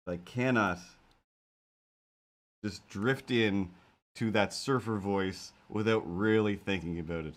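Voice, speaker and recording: A man's voice: lowish voice, slow pace, pauses often. A man rambling playfully on a live stream while he draws. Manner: rambling, playful, talks to imaginary cats. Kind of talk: casual live-stream chat while drawing.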